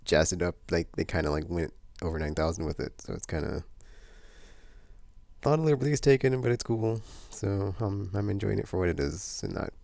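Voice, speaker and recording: A man talks through his plans in a loose, wandering way, piling up fillers and restarts. His voice sits extremely low with a gravelly edge, and the recording is dry. It sounds like easygoing monthly vlog chat. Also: expressive, a little fast, darkish tone, dry recording. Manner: meandering, many fillers and restarts. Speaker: vlogger. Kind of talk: casual rambling chat.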